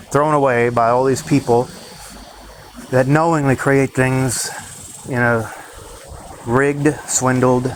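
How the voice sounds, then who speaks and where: A man's voice: mid-range voice, slight background noise, poor audio. A man ranting in a rambling, profane monologue to his own channel, drifting from thought to thought. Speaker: vlogger.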